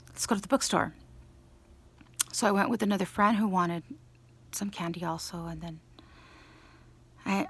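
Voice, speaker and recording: A woman telling a long personal story in a rambling, animated way, acting out the people she quotes. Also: on the low side, gravelly, breathy edge. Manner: restarts and trailing asides. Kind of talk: casual storytelling monologue.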